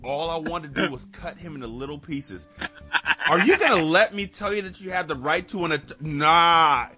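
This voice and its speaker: A man co-hosting a podcast, comically acting out a story and switching between a calm officer and a furious ranting woman. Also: fairly high pitch, normal speed, muffled recording, soft background music. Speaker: podcast co-host. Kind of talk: comedic casual chat acting out a story.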